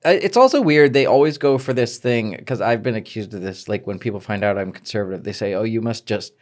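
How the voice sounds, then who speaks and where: A man as a podcast guest in casual chat, loose and joking, quick to laugh. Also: lowish voice, animated, a little mellow.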